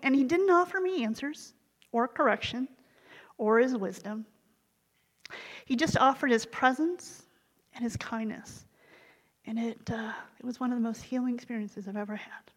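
A woman's voice: a little high, normal speed, a bit bright, long reverb tail, rough recording. A woman leading a devotional book study, retelling stories in a conversational way with wry asides. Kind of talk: conversational storytelling.

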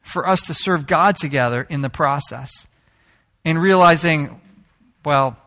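A man preaching a sermon, telling stories in an animated way and joking with the congregation. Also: on the high side, a little slow. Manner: animated storytelling, jokes with the congregation. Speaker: pastor.

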